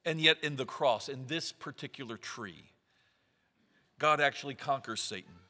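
A man's voice: mid-range voice, normal speed, sharp tone, in a large hall. A man preaching a sermon, reading scripture aloud with earnest, rising emphasis.

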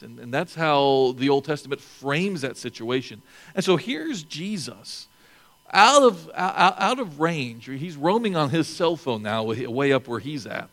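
A man's voice: mid-range voice, long reverb tail. A man preaching a sermon to a congregation in a conversational way, with asides and restarts. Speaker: pastor.

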